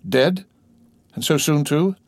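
A man's voice: medium pitch, animated, a little fast, no room sound, close to an everyday voice. An agitated magistrate voiced by a male reader blurts out raised, anxious questions. The sound is dry, with no room. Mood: alarmed. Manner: agitated exclamations.

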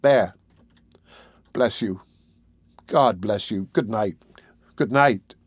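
A man's voice: fairly low pitch, extremely slow, husky, dry recording, heavily acted. Man voicing a desperate young woman, storybook, agitated, hasty, defiant. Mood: despairing. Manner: agitated and hasty, with broken restarts. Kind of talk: audiobook character voice.

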